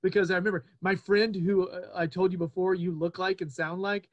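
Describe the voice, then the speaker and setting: Man, forties, high voice, playful, chatty host, casual interview. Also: level tone, highs cut off. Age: 40s. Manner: playful, chatty, quick asides. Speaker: podcast host.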